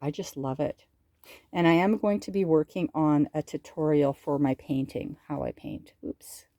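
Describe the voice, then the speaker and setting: A woman's voice: low-pitched, steady tone, normal speed, dark tone, no echo. A middle-aged woman chatting casually as she shows off her handmade craft pieces, gushing over how pretty they are. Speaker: crafting vlogger. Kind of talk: casual show-and-tell.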